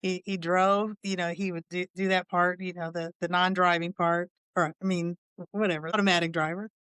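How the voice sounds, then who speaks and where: A woman's voice: on the low side, flat delivery, fairly quick, fairly bright tone, clean tone, dry recording. A woman in her sixties hosting a podcast, telling a dating story in a humorous, candid way, with chatty asides and frequent laughter. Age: 60s. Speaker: podcast host.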